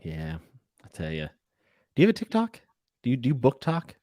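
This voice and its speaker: A man hosting a casual podcast livestream, relaxed and laughing often as he reads out chat comments. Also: mid-range voice, a little fast, no echo, studio quality. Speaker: podcast host.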